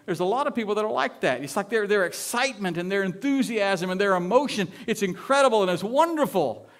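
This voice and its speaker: A man from the United States preaching a sermon as pastor, in an animated, chatty way that often repeats words. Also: high voice, brisk.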